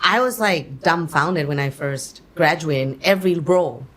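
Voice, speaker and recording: A Thai-born woman whose first language is Thai, chatting in an interview as a guest, animated and quick to laugh, with plenty of fillers. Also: low voice. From Thailand. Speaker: actor and guest. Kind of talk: casual interview chat.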